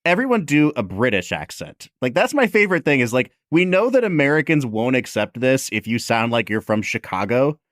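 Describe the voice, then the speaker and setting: Expressive male podcast host, dry sound. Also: medium pitch, fairly quick, few pauses, no echo. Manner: enthusiastic, expressive. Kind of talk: casual chat.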